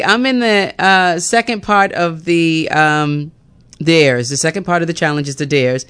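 A woman's voice: lowish voice, a little slow, fairly bright tone, smooth. A woman morning radio host chatting casually on air and often laughing at herself.

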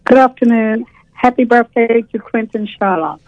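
A woman's voice: fairly high pitch, moderate pace, darkish tone, dry recording. A woman calling a radio show, giving short matter-of-fact answers. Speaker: caller. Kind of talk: brief phone-in call. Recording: muffled dry phone line.

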